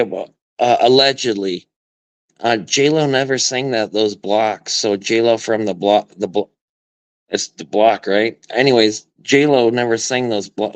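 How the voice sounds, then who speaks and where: A man's voice: lowish voice, clean tone, dry recording, low-quality recording. A man chatting on a livestream, teasing and rambling with frequent restarts. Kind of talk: casual late-night banter.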